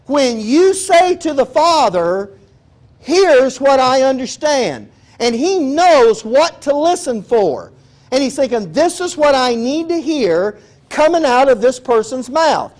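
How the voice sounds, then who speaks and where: A man's voice: very high-pitched, sing-song, a little slow, darkish tone. A man preaching a conversational sermon in a folksy way, acting out quoted prayers and asides. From Texas.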